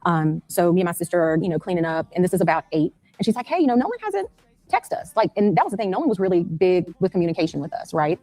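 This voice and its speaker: A mother speaking in an interview, rushing through her account and acting out the phone calls she made. Her voice sits a little low and sounds dry and close. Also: a little mellow, no room sound. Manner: rapid, anxious retelling, acting out phone calls. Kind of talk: recounting events in an interview.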